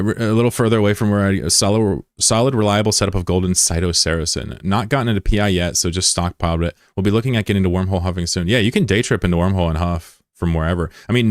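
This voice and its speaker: A man with a low voice streams live, chatting casually with viewers, rambling, putting himself down, and reading the chat aloud. He uses a broadcast mic with a voice filter, and the sound is clean and studio-quality with no room sound.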